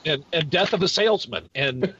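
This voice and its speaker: A man's voice: fairly high pitch, expressive, normal speed, a bit bright. A man hosting a casual chat, joking and teasing his guest. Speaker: host. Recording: dull lo-fi audio with clear hiss.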